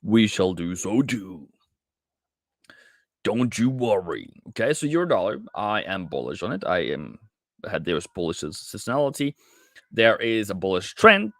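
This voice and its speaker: A man's voice: on the low side, very animated, moderate pace, fairly bright tone, no echo, studio quality. A man hosting a casual live trading stream, chatting directly with viewers and calling them mate and brother. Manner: chatty, addresses viewers directly, many restarts.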